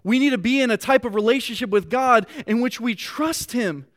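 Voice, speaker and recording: A man's voice: very high voice, a little fast, a bit bright. A male pastor giving an earnest sermon. He reads scripture aloud with feeling and often repeats words while reaching for his thoughts.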